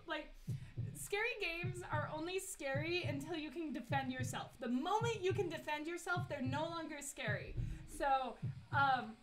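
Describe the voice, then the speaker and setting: A woman's voice: high voice, lively intonation, normal speed, crowd noise, low-quality recording. A woman streaming a horror game live from her desk mic, chatty and giggly, talking to the characters on screen. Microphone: desk microphone.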